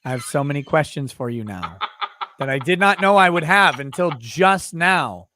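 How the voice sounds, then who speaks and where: A man hosting an interview over a video call, asking playful, quick questions. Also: on the high side, sing-song, noisy background. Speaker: host. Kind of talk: casual interview chat.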